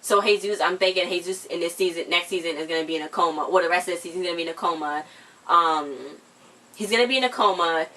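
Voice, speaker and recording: A young woman chats quickly through a TV episode recap and acts out the characters' lines as she goes. She sits a little away from the mic, so her voice sounds slightly distant. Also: on the low side. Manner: animated storytelling, acting out characters' lines. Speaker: co-host of a TV recap channel. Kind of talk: casual chat, TV episode recap.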